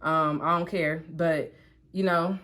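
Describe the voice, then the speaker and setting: A woman's voice: low voice, takes it slowly. A young woman vlogger telling a personal story in a casual, chatty way while doing her makeup. She talks straight to her viewers and fills her sentences with asides and "like.". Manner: chatty, animated storytelling that addresses the viewers directly; frequent "like" fillers and asides.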